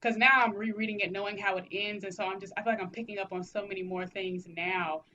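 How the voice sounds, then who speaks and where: A woman co-hosting a podcast in casual chat, talking in an animated, teasing, slangy way. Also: medium pitch, fast, lo-fi sound, a little hiss or hum. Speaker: podcast co-host.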